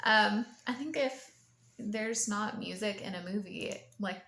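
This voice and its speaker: A woman's voice: mid-range voice, measured pace. A woman, co-hosting a podcast, chatting casually and laughing as she tells stories. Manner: giggly storyteller, quotes others in lively voices. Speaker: podcast co-host. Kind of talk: casual chat. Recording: echoey room.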